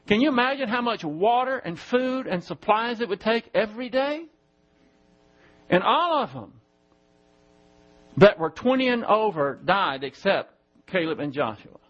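A man preaching a sermon in a church, teaching Bible verses and slowly spelling out Greek words. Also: high voice, very animated, fairly bright tone, highs cut off. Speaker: pastor.

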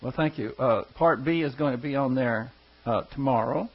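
A man's voice: mid-range voice, normal speed, breathy edge. A man, a pastor telling stories to his congregation in a rambling, folksy way with chuckling asides. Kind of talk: casual storytelling to a congregation. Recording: dull lo-fi recording.

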